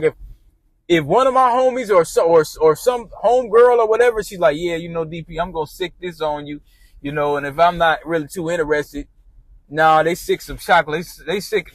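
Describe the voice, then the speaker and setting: High-voiced man rambling through a story. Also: no room sound. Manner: rambling, repeats himself, restarts. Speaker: vlogger telling a story. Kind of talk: casual storytime monologue.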